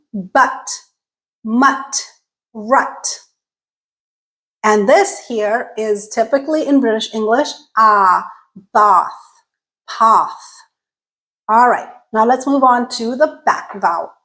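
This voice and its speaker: A woman teaching English vowel sounds, modelling each sound slowly and repeating example words. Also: fairly high pitch, low-quality recording. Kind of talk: slow, careful pronunciation lesson.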